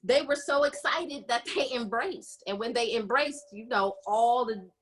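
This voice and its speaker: Animated woman recapping a story. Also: a little high, a little slow. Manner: animated storytelling, acting out characters' lines. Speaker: podcast host. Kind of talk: casual book recap chat.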